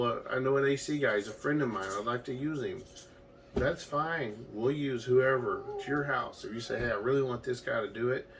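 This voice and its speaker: Plain-talking male builder, gravelly and a little low, recorded from a distance with faint noise. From Florida. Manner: plain-spoken, conversational, uses fillers. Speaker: home builder. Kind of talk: casual explanatory talk.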